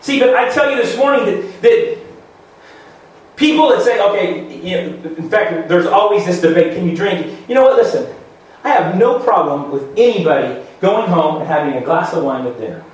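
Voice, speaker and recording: A man's voice: high-pitched, lively intonation. Preaching man in a very echoey church. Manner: emphatic, halting restarts, rhetorical questions. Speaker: pastor. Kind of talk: sermon. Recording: very echoey room, voice from far off.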